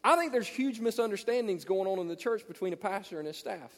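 A man preaching a sermon to pastors, blunt and animated, telling stories to make his point. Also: sits high, fast talker. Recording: long reverb of a large hall.

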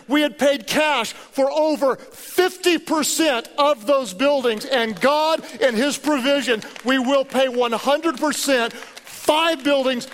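Pastor, male, very high voice, energetic storytelling sermon with jokes, long hall reverb. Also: slight background noise. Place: large church auditorium.

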